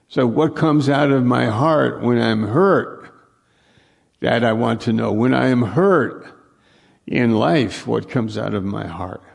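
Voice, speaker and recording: A male pastor preaches at an unhurried pace in a heavily gravelly, husky voice that sits fairly low. He talks to the congregation plainly, repeating his points and asking rhetorical questions. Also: a little mellow. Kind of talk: sermon.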